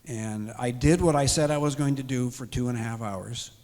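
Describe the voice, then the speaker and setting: A man's voice: mid-range voice, normal speed, darkish tone. A retired man in his sixties telling an emotional personal story as an interview guest, acting out the dialogue. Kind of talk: personal testimony. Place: church sanctuary. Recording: long hall reverb.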